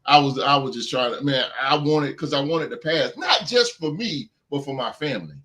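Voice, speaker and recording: A man's voice: mid-range voice, animated, normal speed, a bit bright. A man in his thirties on a podcast, talking earnestly and emphatically, repeating himself as he urges other men on. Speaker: podcast guest. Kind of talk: heartfelt casual chat.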